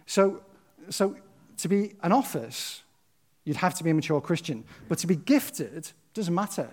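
A man's voice: a little high, animated, unhurried, a little mellow, slightly rough. A man preaching a sermon, earnest and conversational, often checking in with his listeners. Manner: emphatic, impassioned.

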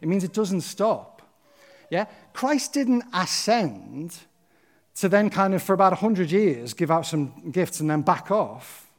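A man's voice: high voice, big pitch swings, measured pace. A man preaching a sermon, earnest and conversational, often checking in with his listeners. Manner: emphatic, impassioned.

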